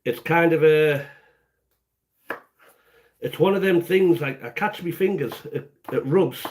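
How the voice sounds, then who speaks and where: Speaking slowly in a slightly mellow, higher-than-average voice, this UK cooking show host streams live from his home kitchen. He's chatty and playful, rambling along while calling out viewers by name.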